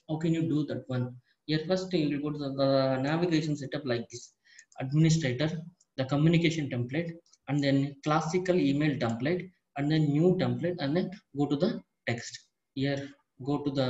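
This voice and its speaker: A man teaching a step-by-step software tutorial, often repeating and restarting his phrases as he explains. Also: fairly high pitch. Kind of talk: screen-recorded software tutorial. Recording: echoey room, dull lo-fi audio.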